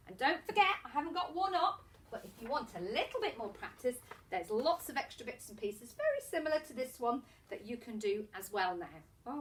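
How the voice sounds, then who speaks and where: A woman's voice: sits high, a bit bright. A woman teaching a phonics lesson to young children, giving encouraging, sing-song instructions. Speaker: primary school teacher.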